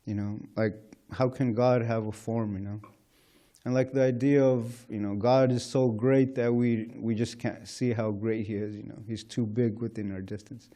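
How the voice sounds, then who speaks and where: Mellow-voiced man giving a temple class. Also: medium pitch, steady tone, normal speed. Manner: conversational, frequent "you know" fillers, chuckles often. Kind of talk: informal scripture class talk. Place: temple lecture hall.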